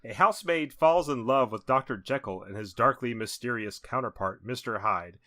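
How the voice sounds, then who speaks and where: A man's voice: medium pitch, moderate pace, sharp tone. A man co-hosting a horror movie podcast, reading movie summaries aloud and adding offhand opinions. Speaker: podcast co-host. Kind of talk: casual chat and reading movie blurbs.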